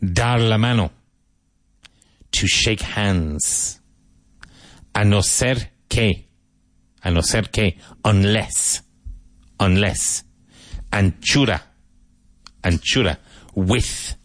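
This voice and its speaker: A man teaching English vocabulary, saying each word slowly, repeating it and spelling it out, with tips on pronunciation. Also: lowish voice, fairly bright tone, no room sound. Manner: slow, deliberate, repeats and spells out words.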